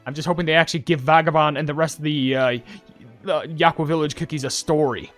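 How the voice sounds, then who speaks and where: A young man doing casual commentary as a YouTuber, rambling and correcting himself with excitable asides. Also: on the high side, fast talker, soft background music. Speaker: YouTuber reacting to game updates.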